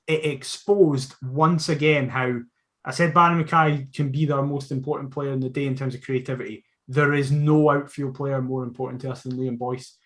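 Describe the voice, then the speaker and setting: A Scottish man co-hosting a podcast, giving blunt, sweary, animated opinions in casual football chat. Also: medium pitch. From Scotland. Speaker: podcast co-host.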